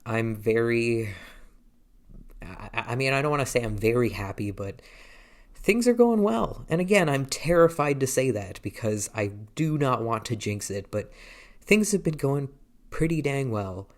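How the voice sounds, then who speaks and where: A man's voice: mid-range voice, expressive, normal speed. A man in his thirties talking casually to a handheld camera, hesitant and rambling, with many restarts. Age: 30s. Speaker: vlogger. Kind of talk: casual vlog talk.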